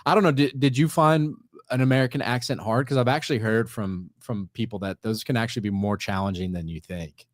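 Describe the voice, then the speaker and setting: A man's voice: medium pitch, a little fast, no echo, studio quality. A man in his forties hosting a podcast, talking in an easygoing, agreeable way with frequent restarts. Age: 40s. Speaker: podcast host. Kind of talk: casual podcast chat.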